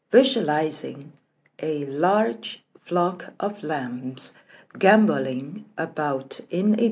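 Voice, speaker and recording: A woman narrates a fairy tale in a slow, deliberate bedtime-story reading. Her pitch moves freely and expressively across each sentence, and she takes plenty of time over every phrase. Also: darkish tone, dull audio.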